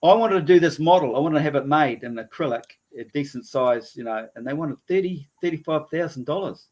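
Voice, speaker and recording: A man presenting his ideas in a casual panel discussion, excitable and often trailing off mid-sentence. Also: fairly high pitch, a little fast. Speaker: guest presenter.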